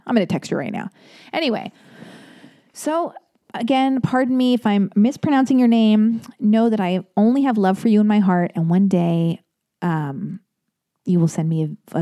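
Chatty woman with a mellow voice. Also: fairly low pitch, dry recording, clean studio sound. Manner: chatty, rambling, animated asides. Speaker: podcast host. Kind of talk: casual solo podcast talk.

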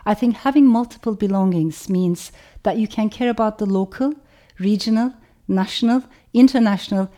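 Author, woman, Turkish accent, warm mellow tone, measured and reflective, stacks ideas in long lists. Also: mid-range voice. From Turkey. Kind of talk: reflective talk with a reading.

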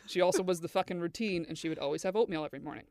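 A woman's voice: on the low side, very fast, darkish tone, no echo, studio quality. A woman hosting a podcast, telling stories in a casual chat and swearing freely. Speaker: podcast host.

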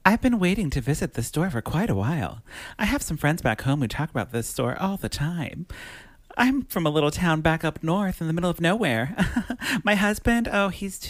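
A man putting on a classy, fancy lady with an airy, evasive chatter and a small laugh. His voice is pushed up high for her. The sound is dry, with no room around it. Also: animated, a little fast, no echo, close to an everyday voice. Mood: breezy. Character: fancy, classy, vague older woman visitor.

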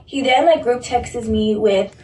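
Young woman, fairly high voice, chatty storytelling, sounds off-mic in an echoey room. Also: unhurried, warm tone, a little hiss or hum. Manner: chatty, full of "like", acting out quoted speech. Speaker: storyteller in played audio. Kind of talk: casual storytelling. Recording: echoey, distant recorded clip.

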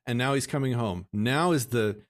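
A man's voice: mid-range voice, normal speed. A man talking casually about how he raises his kids, earnest and explanatory. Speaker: parent guest. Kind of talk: casual conversation.

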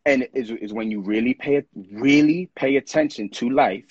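Earnest man with a husky voice. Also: medium pitch, normal speed, no room sound, lo-fi sound. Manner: earnest, reflective, acts out quoted voices. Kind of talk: casual podcast conversation.

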